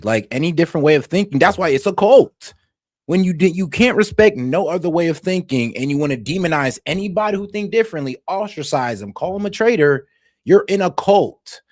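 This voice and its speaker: A man streams a reaction show, ranting with raw passion and frequent swearing. His fairly high voice swings widely up and down as he gets worked up. The sound is dry and close, with no room around it. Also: lively intonation, fairly quick, a little mellow, dry recording. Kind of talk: heated reaction commentary.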